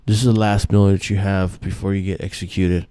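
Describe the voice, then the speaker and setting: A man with a low-pitched, dark voice hosts a rambling, casual monologue at a brisk pace and in a level tone. It's profane and full of restarts and fillers, captured in a dry recording.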